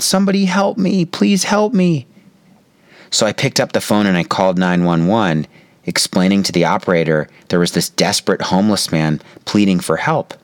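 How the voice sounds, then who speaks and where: Man, very deep voice, meditation teacher, calm reflective storytelling, dry close sound. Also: no room sound. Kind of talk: reflective spoken talk.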